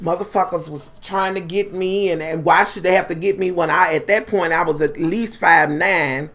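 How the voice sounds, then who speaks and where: A woman with a lowish voice, speaking at a normal pace, tells a personal story in a casual monologue. She's animated and constantly profane, calling her listeners "honey" and "y'all."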